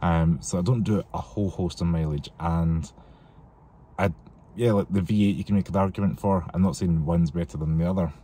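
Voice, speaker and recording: A man's voice: sits low, steady tone, a little fast, dark tone. A man from the UK chatting casually and rambling on his car vlog, recorded outdoors on a windy, cold day. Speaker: car vlogger. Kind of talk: casual chat.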